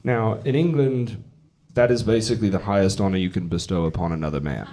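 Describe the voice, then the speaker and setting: On a comedy club stage before a live crowd, a man delivers a brash, profane stand-up set, telling stories and voicing the people in them. His voice sits on the low side with a dark tone and a slightly quick pace. Laughter from the audience fills the background.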